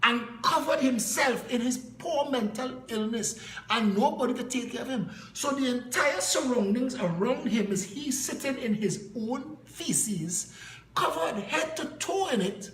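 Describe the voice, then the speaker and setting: A man's voice: very high-pitched, animated, a little slow, a bit bright, reverberant, a little hiss or hum, rough recording. A Trinidadian man giving an impassioned political address, telling stories with punchy repetition. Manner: emphatic storytelling, punchy repetition. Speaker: political party leader.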